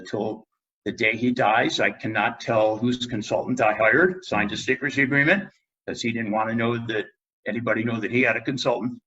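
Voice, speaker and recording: Middle-aged male guest, husky low voice, lively storyteller doing quotes, muffled lo-fi recording. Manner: animated storyteller, acts out quotes. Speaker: guest dentist. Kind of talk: storytelling in a podcast interview.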